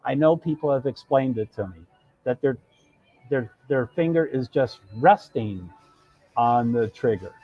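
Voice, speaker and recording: His medium-pitched voice is animated yet a little slow and slightly rough, heard on lo-fi sound with soft background music. On his live stream he casually rambles through a long story, stopping mid-sentence and acting out what others said.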